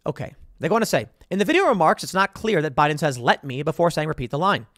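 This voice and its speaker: Animated sarcastic male commentator. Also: on the high side, fast talker, no echo, clean studio sound. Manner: sarcastic, emphatic. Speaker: political commentator. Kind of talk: reading and reacting to headlines.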